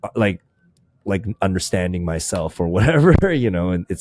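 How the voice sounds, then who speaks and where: A man's voice: deep voice, big pitch swings, moderate pace, a little mellow, slight background noise. A man hosting a podcast in casual chat, rambling, swearing freely and restarting his sentences often. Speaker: podcast host.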